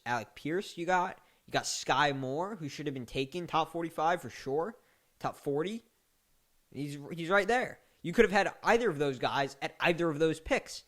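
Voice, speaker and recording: A man giving casual sports commentary as a podcast host, chatty and joking, his voice climbing into animated, mocking outbursts. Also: a little high. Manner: chatty, laughs and mocks with rising animated outbursts.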